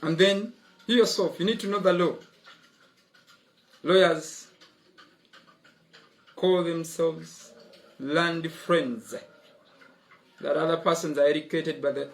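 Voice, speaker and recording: A man's voice: on the high side, gravelly. A young man teaching law in an online lesson, repeating key words and dropping "mm-hmm" and "uh-huh" as he drives his points home. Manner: emphatic, drilling points home.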